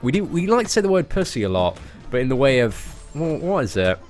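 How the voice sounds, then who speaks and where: Playful British man, lively voice. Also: medium pitch, a little fast, soft background music. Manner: playful, joking, laughs often. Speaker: game streamer. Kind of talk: casual live-stream chat reading out viewer comments.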